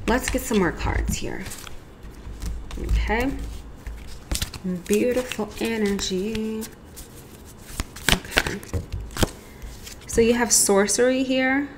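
A woman's voice: medium pitch, noisy background. A woman giving a casual, chatty tarot reading, rambling with lots of asides. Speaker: tarot reader.

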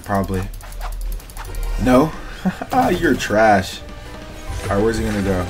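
A man's voice: lowish voice, sing-song, takes it slowly, over music. A young man streaming a game, trash-talking in casual slang and talking to his chat. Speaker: gaming streamer. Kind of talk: casual gameplay commentary.

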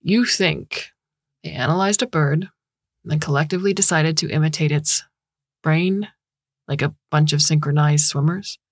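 A woman voicing a dismissive middle-aged male director who talks low and flat. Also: normal speed, dry recording, studio quality. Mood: scornful.

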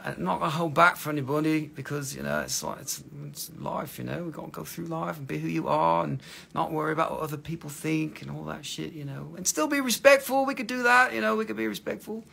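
A man's voice: a little high, lively intonation, fast, vocal fry, sharp tone, breathy edge. A man with an Appalachian accent hosting a casual livestream to sell minerals, joking around and rambling with lots of "you know". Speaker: livestream host selling minerals.

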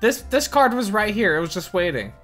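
A woman's voice: medium pitch, big pitch swings, fairly quick, fairly bright tone, faint music behind. A woman reading cards aloud and laughing with friends over voice chat. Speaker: online card game player. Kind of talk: casual gaming banter.

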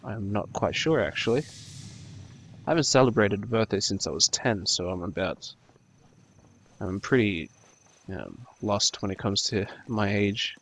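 Talking over a game he is playing, this New Zealand YouTuber of twenty-two, whose accent sounds Australian, hesitantly rambles about himself with plenty of ums and false starts. He speaks unhurriedly on the low side, with lively intonation, vocal fry, long pauses, and a fairly bright tone.

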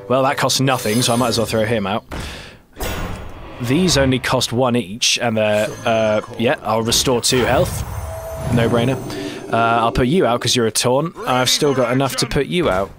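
A man's voice: medium pitch, fairly even intonation, normal speed, over music. A man in his twenties hosting a let's play, giving casual, rambling and self-deprecating commentary while he plays a card game.

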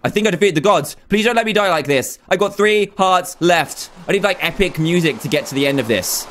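A young man giving excitable, dramatic running commentary as he plays a video game. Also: sits high, brisk. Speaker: gaming YouTuber. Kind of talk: Let's Play commentary.

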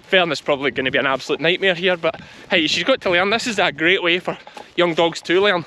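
Scottish farmer talking while walking a field. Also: male voice, fairly high pitch, fast talker, bright, forceful tone, slight background noise. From west of Scotland. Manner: chatty, calls commands to a young dog while walking. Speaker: sheep farmer and channel host. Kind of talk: casual vlog commentary while working. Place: outdoors in a large sheep field.

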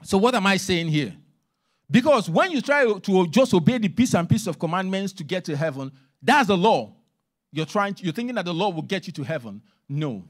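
A man preaches a sermon in a church, his voice set high and leaping across a wide, animated range. He drives points home emphatically, then sinks into hushed asides. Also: brisk. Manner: emphatic preaching, swings between loud and hushed. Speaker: minister.

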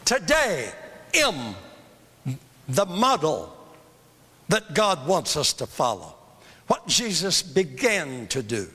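A man's voice: a little high, huge pitch swings, slow, long pauses, bright, forceful tone, breathy edge. An older man teaching a church seminar in a fervent, emphatic sermon style, repeating phrases for emphasis. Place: church hall. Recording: long reverb of a large hall.

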